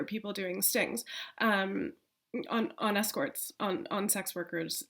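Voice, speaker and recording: A woman chats to her camera in a room of her apartment. Her voice sits at an ordinary middle pitch. She talks loosely, laughs often and swears without a second thought. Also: slow, creaky, fairly bright tone. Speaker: vlogger. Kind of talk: casual chat to camera.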